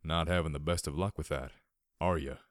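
A man voicing an old, kindly ghost pony with a feathery, rasping voice, in an audiobook. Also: extremely low pitch, fairly even intonation, no room sound, clean studio sound, pitched below the performer's own voice. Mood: teasing. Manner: slow, teasing, kindly. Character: old male pony ghost, gentle grandfatherly drifter. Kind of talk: audiobook character voice.

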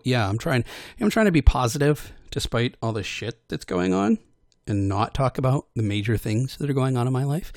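A man's voice: mid-range voice, animated, dry recording. Shy, rambling man with a dry close sound. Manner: self-deprecating, hesitant with many restarts and fillers; puts on quick character voices when quoting people. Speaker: voice actor for audio posts. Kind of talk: casual rambling monologue.

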